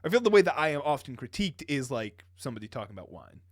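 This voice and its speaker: A man's voice: mid-range voice, sing-song, rapid-fire, no echo, studio quality. A young man co-hosting a podcast, chatting casually and rambling, often breaking into laughter. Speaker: podcast co-host. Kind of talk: casual chat.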